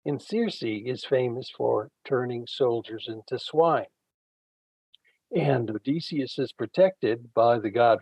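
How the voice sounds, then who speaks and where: Slow-paced, husky-voiced male scholar. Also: medium pitch, a little mellow, no room sound, lo-fi sound. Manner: unhurried storytelling, frequent fillers, acts out quoted characters. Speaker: Bible scholar guest. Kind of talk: conversational retelling of ancient stories.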